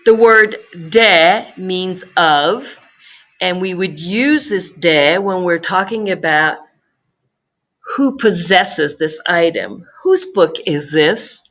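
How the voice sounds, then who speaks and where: A woman gives a recorded grammar lesson. She speaks slowly and patiently, with a somewhat low voice. She repeats each key phrase so it sinks in. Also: animated, a bit bright. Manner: slow, patient explaining with careful repetition. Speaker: Spanish teacher.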